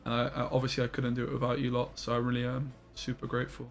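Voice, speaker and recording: A young man streaming a card game, chatting excitably to his viewers and breaking into loud, surprised yelps. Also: mid-range voice, fast talker, creaky, soft background music. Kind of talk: live-stream commentary.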